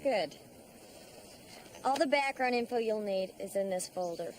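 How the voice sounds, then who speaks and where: An actress playing a brisk, dry-witted female investigator in charge, in a TV drama. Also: medium pitch, lively intonation, slight background noise, close to an everyday voice. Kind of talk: TV drama acting. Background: music.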